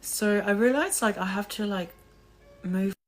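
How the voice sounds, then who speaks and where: A tired woman hosting a casual live-stream chat, pausing often to rest her voice and thanking viewers. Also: medium pitch, poor audio. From Australia. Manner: slow, breathy pauses, thanking viewers. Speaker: livestream host.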